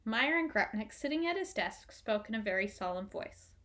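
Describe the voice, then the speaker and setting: A woman narrating a children's book aloud in a gentle, expressive way. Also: a little high, normal speed. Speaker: audiobook reader. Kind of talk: storybook narration.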